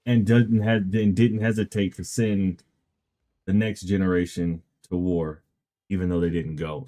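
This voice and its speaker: A man's voice: low voice, mellow. A man in casual chat on a stream, speaking in an earnest, reflective way. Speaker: guest in chat.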